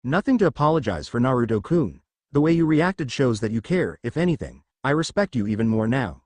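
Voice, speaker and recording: A man voicing a confident, teasing young noblewoman in a read-aloud fan story, speaking calmly and coaxingly. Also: medium pitch, brisk, dry recording.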